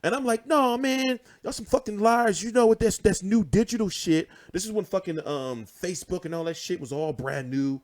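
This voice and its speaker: This twenty-something man hosts a boxing show, chatting casually on stream with free profanity and lively storytelling. His fairly high voice runs a little fast with few pauses.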